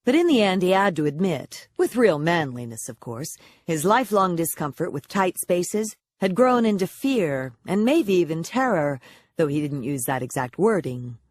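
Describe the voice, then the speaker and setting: A woman narrating an audiobook in a wry, expressive storytelling manner on a close microphone. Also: fairly low pitch, normal speed, no echo. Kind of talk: scripted narration.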